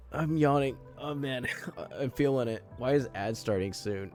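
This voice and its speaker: A man's voice: mid-range voice, unhurried, soft background music. A man live-streaming a game, chatting casually and rambling, laughing often and sounding flustered.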